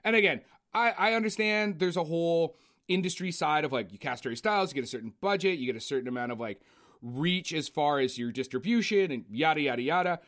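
A man ranting in a casual, profane film review chat, animated and blunt. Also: on the high side, fast. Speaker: podcast co-host.

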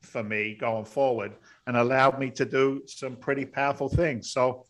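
A middle-aged man, a podcast guest, telling his life story earnestly, close to tears, breaking into loud excited bursts. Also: mid-range voice, moderate pace. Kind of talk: emotional storytelling interview.

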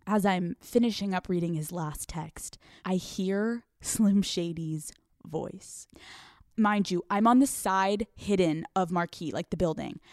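A young American woman telling a comedic story, profane and lively, acting out the people in it. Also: fairly low pitch, measured pace, no echo, studio quality. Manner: animated, profane, acts out quoted voices. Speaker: podcast host.

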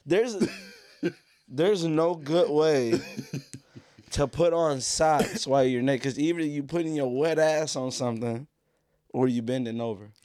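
A man's voice: on the high side, measured pace, long pauses, mellow, dry recording, clean studio sound. A young man in casual podcast chat, laughing a lot, talking in crude slang and acting out quoted voices.

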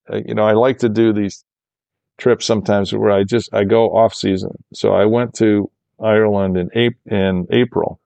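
A man's voice: on the low side, vocal fry, mellow, no echo. A man, a golf course architect, telling a long, rambling anecdote in a casual interview and livening up when he quotes other people. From Michigan, USA.

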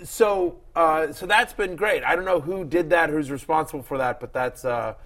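A man's voice: a little high, normal speed. A man hosting a fantasy football show, chatting casually and rambling through long stories with frequent laughter. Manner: rambling, laughing, animated storyteller. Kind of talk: casual sports chat.

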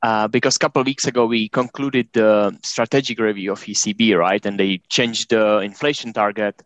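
A man's voice: on the low side, fairly even intonation, fairly quick, dry recording. Man explaining as a guest. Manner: hesitant, many fillers, plain explanations. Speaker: guest economist. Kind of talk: casual interview chat.

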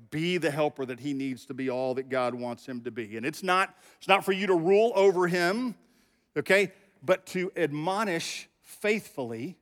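Middle-aged pastor preaching in a hall. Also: male voice, fairly high pitch, a bit bright. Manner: conversational, talks straight to the congregation. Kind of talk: sermon.

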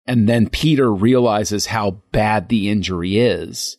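A man co-hosting a podcast, talking through a film scene in a reflective, halting way with frequent restarts. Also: on the low side, darkish tone, dry recording, studio quality. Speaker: podcast co-host. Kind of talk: casual film discussion.

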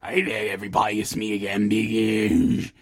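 A man voicing a crude man called Big Inge in a low gruff put-on voice. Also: flat delivery, normal speed, dry recording, studio quality.

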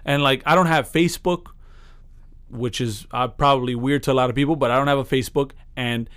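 A man's voice: medium pitch, fairly even intonation, brisk, fairly bright tone, smooth. A man co-hosting a podcast, telling a story in rambling casual chat with many restarts. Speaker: podcast co-host.

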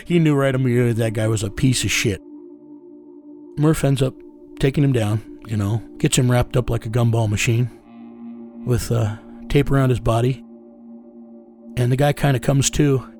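A man's voice: mid-range voice, fairly even intonation, moderate pace, long pauses, darkish tone, soft background music. Guest, male, mid-range voice; blunt, profane storyteller. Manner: profane, blunt, chuckles while telling. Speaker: interview guest. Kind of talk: casual storytelling.

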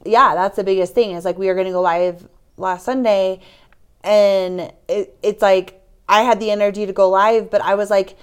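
A woman co-hosting a podcast, chatting in an upbeat, conversational way. Her voice is smooth and clear, at an ordinary middle pitch. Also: steady tone, moderate pace. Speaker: podcast co-host. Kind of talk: casual chat.

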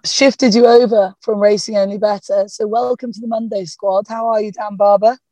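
A woman hosting a casual podcast chat, husky from a sore throat, chatty and self-mocking. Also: mid-range voice, fairly even intonation, moderate pace, dark tone, no echo, low-quality recording. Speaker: podcast host. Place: parked car.

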